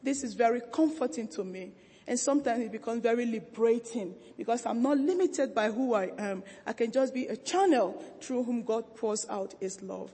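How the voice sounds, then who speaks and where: Female reverend, high husky voice, measured devotional sermon in a reverberant hall. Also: dark tone.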